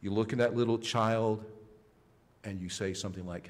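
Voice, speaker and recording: A male pastor preaching a sermon with emphasis, swinging between loud, high rises and quiet, low drops. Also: fairly even intonation, moderate pace, long reverb tail. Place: church sanctuary.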